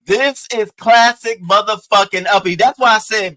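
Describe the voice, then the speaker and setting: Profane high-voiced man lecturing. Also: moderate pace, pushed and bright, poor audio. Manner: blunt, profane, mocking, lecturing. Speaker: commentary host. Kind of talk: reaction commentary.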